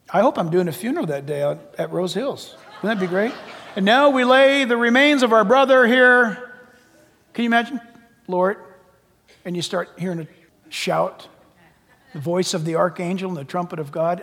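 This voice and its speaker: Male pastor, high voice, joking and emphatic sermon, church hall echo. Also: vocal fry, slightly rough. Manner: animated, joking, emphatic preaching. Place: church sanctuary. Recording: long reverb of a large hall.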